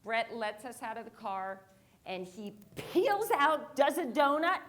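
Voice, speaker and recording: High-pitched lady telling a story on stage, acts out her own reactions. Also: big pitch swings, unhurried, a bit bright. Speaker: keynote speaker. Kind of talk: motivational storytelling talk. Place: conference stage.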